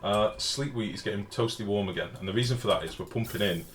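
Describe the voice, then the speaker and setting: A man streams a game from a home room with the window open, chatting casually, answering viewers, and cursing occasionally, while faint street noise drifts in. His voice is fairly low, quick, and rather bright.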